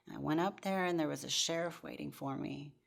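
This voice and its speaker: A woman's voice: low-pitched, brisk, vocal fry. A woman in her forties, a podcast guest, earnestly telling her personal testimony with many restarts.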